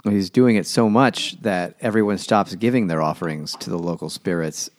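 A man co-hosting a casual comedic book chat, retelling the story in a wry, deadpan way. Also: low voice, moderate pace, no room sound, studio quality. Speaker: podcast co-host.

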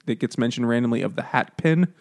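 A man in casual banter on a comedy book podcast, with a middling pitch. He laughs often and drops into playful character voices when quoting scenes. The talk stays loose and jokey throughout. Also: quick pace, creaky, darkish tone. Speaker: podcast co-host.

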